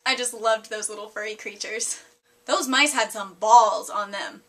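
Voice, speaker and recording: A woman voicing an elderly grandmother who speaks in a gentle, doting tone and says blunt, crude things. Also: mid-range voice, a little slow, voice pushed down. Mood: sweetly blunt.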